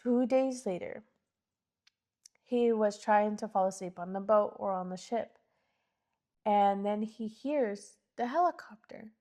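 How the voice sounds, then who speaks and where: A woman's voice: mid-range voice, measured pace, long pauses. A woman hosting a podcast, telling a story in casual chat and acting out the quotes with lots of "like"s. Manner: animated, acts out quotes, many "like"s. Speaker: podcast host.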